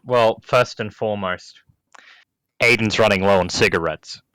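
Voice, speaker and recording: A man playing a tabletop role-play game, talking in character in a gruff, weary way. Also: fairly low pitch, measured pace, fairly bright tone, no room sound, poor audio. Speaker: player.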